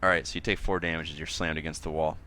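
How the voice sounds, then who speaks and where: A man's voice: extremely low pitch, flat delivery, very fast, bright, forceful tone, a little hiss or hum. A man running a tabletop game as game master, casual, thinking aloud and laughing often.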